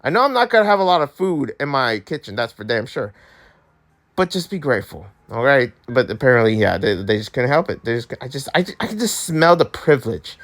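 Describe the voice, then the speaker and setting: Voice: mid-range voice, very animated, brisk, fairly bright tone. A young adult vlogger ranting in an exasperated way, repeating and restarting words, with an accent that drifts around. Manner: accent drifts and shifts when angry. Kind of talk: ranting commentary vlog.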